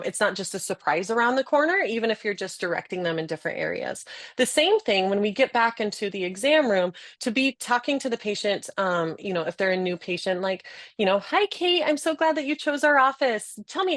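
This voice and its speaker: A woman in her thirties, a communication trainer, talking in a webinar conversation, animated and laughing often as she demonstrates speech patterns. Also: mid-range voice, no echo.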